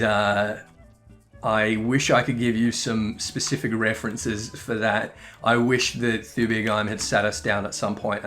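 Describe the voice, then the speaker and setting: A man's voice: on the low side, a bit bright. A man giving casual, rambling gameplay commentary, swearing and correcting himself as he goes. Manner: rambling, profane, self-correcting. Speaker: game commentator.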